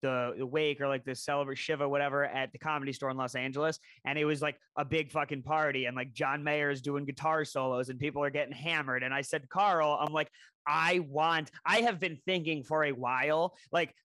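A young man in his twenties with a bright, forceful voice, a little higher than most men. He tells stories animatedly on a casual podcast, swearing freely. The sound is dry and close. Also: fairly quick, dry recording. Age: 20s. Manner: animated storytelling, heavy swearing. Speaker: podcast co-host.

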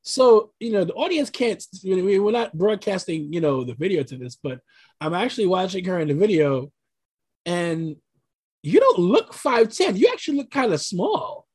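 Husky-voiced New podcast host. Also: mid-range voice, moderate pace. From New York. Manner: animated, rambling, many fillers and restarts. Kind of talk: casual chat.

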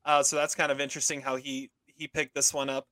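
A man's voice: mid-range voice, flat delivery, quick pace, bright, forceful tone, no room sound. A man co-hosting a casual film podcast, rambling with many fillers and restarts. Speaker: podcast co-host reviewing films. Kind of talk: casual chat.

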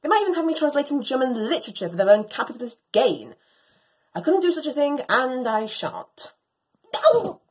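A woman reading a story aloud and voicing a proud, excitable female Doberman dog. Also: sits high, normal speed. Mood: indignant. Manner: animated, swooping, theatrical.

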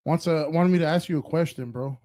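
A man's voice: fairly high pitch, quick pace, warm tone. A man co-hosting a casual, laughing chat, loose and informal. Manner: loose, laughing, says "bro" a lot. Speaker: co-host.

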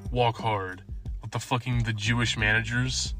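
A man's voice: mid-range voice, fairly even intonation, normal speed, pushed and bright, faint music behind. A young man chatting about a film with a friend, rambling with lots of fillers and swearing. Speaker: podcast co-host. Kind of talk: casual movie review chat.

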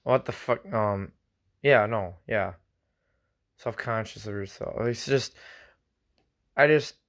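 A man hosting his own podcast in a loose, rambling chat, swearing freely and thinking out loud in a self-conscious way. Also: fairly low pitch, slow. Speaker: solo podcast host. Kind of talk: casual solo podcast chat.

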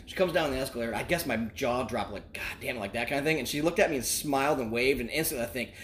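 A man's voice: medium pitch, fast, fairly bright tone, slight background noise. A man in his forties telling a long personal story in casual, profane chat, rambling, laughing often and acting out the voices of the people in it.

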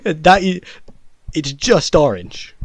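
A man's voice: fairly high pitch, very animated, slow pace. A young man, co-hosting a podcast and telling a school story in casual chat, often laughing and correcting himself mid-sentence. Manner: rambling, laughing, self-correcting. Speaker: podcast co-host.

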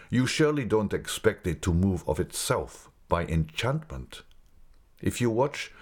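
A grave, secretive guide in an audiobook, slow and measured with a mournful weight, as a man reads him. His voice sits very low and unhurried. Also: darkish tone.

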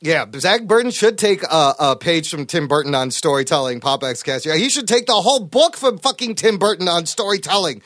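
High-voiced animated podcast host, man. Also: a little fast, few pauses, no echo, clean studio sound. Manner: animated, profane, emphatic. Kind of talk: casual chat.

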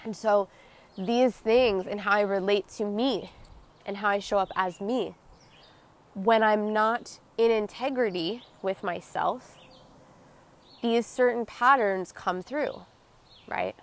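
A woman's voice: medium pitch, takes it slowly, pauses often. Earnest confessional woman podcaster. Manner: earnest, confessional, emotionally open. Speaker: podcast host. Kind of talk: personal reflective monologue.

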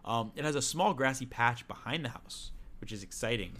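A man's voice: mid-range voice, lively intonation, brisk, fairly bright tone. A man co-hosting a casual chat, recapping a video game with sarcastic jokes and frequent laughs. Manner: joking, sarcastic, laughs often. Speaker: podcast co-host.

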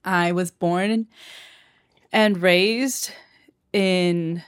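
A woman's voice: on the low side, fairly even intonation, very slow, smooth. A woman in her thirties from Southern California with a Valley Girl accent, co-hosting a casual podcast chat, giggly and saying "like" often. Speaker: podcast co-host.

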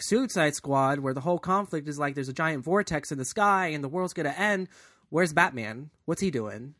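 A man with a somewhat high voice thinks aloud about TV storytelling in relaxed chat. He rambles, full of fillers. The sound is dry and close. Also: no room sound. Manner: thoughtful, rambling, many fillers. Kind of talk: casual podcast chat about TV.

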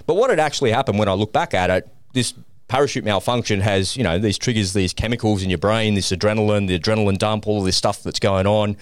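A middle-aged man, a podcast guest, telling a personal story in a lively way and acting out the voices in it. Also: on the low side, fast, no echo. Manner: animated, acts out the voices in his story.

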